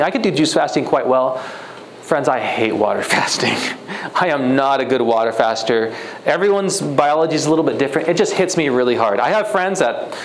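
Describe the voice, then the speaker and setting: A man's voice: fairly high pitch, reverberant, a little hiss or hum, poor audio. A young man, a guest speaker at a church retreat, telling a personal story in a conversational way and acting out the dialogue. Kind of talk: sermon storytelling.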